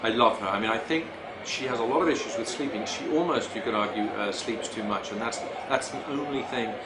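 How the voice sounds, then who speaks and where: Brief: male, deadpan mock-serious comic delivery, quick pace, echoey noisy recording. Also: lowish voice. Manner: dry, mock-serious, hesitant with many fillers. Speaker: celebrity guest. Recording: echoey room with loud noise.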